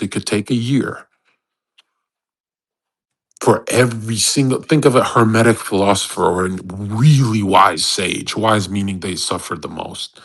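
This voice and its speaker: A husky-voiced man, mid-pitched, speaks over a home microphone on a live online audio stream. He gives a heated motivational rant with plenty of swearing, jumping from loud outbursts down to low muttering. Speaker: host. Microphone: home microphone on an online audio call.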